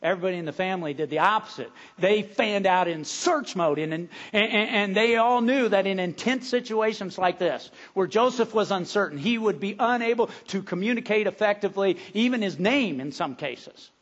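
High-voiced earnest man preaching. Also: lively intonation, moderate pace, few pauses, dull audio. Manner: earnest, repeats words, swings from hushed to loud. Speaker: pastor. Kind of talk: sermon with storytelling and prayer.

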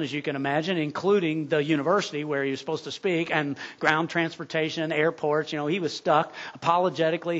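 A man preaching a sermon, telling a story earnestly and dropping to a hush at key points. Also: a little high. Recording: muffled lo-fi sound.

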